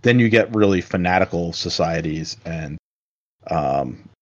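A man chatting casually about a film, halting and meandering, with casual swearing. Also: deep voice, animated. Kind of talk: casual movie discussion. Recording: dull lo-fi sound.

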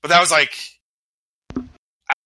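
A man on a podcast tells a story heatedly, swearing constantly. His voice is very bright and sharp, recorded close and dry. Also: slow, no room sound, poor audio. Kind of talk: casual chat.

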